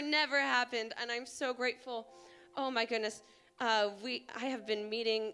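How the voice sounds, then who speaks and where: A woman speaks from a theatre stage into a handheld microphone. Her voice is bright and pitched a little high. She gushes her thanks to the crowd, repeating her praise again and again. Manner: effusive and gushing, repeats words like incredible. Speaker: show director and producer. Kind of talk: live onstage thank-you speech. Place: theatre stage before a live audience.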